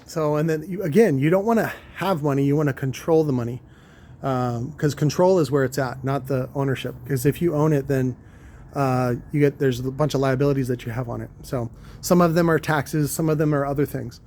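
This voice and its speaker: A man's voice: mid-range voice, fairly quick, darkish tone. A man, a car audio shop owner, talking in a rambling casual monologue, crude and joking, with many restarts and filler words.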